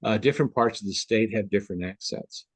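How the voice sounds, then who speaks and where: A man's voice: lowish voice, a little fast, husky, no echo. A man from the Upper Midwest chatting as a guest on a video call, rambling with lots of fillers and restarts. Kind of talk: casual conversation on a video call.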